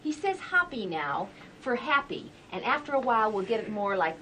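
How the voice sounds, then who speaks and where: A woman psychologist instructing parents and coaching a child, encouraging, with short repeated praise and filler pauses. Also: fairly high pitch, very animated, pushed and bright, slight background noise. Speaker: psychologist running therapy sessions.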